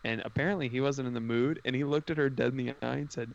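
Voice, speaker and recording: A man co-hosting a casual chat, teasing and relaxed, with casual swearing. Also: medium pitch, fast talker, vocal fry, dull audio. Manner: teasing, relaxed, profane banter.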